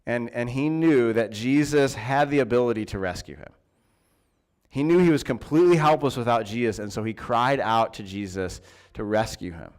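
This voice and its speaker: A man's voice: mid-range voice, normal speed. A man preaching a sermon in a church, in a conversational way with fillers and restarts. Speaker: pastor.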